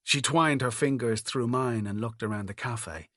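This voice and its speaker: Guy reading an audiobook, calm and even, dry close sound. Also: medium pitch, moderate pace, no room sound. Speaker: audiobook narrator. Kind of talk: scripted first-person narration.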